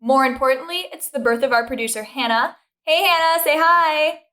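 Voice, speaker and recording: A woman's voice: sits high, moderate pace, sharp tone. A woman co-hosting a podcast in casual chat, giggly and playful, humming tunes and making sound effects. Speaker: podcast co-host.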